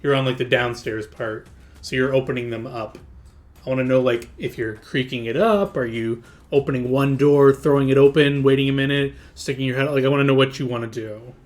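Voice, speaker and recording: A man running a tabletop game as game master, talking in a mid-pitched voice and rambling through long scene descriptions, thick with "like" and restarts, questioning the players about what they do. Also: steady tone, fairly quick, a little mellow. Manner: rambling, descriptive, full of filler words.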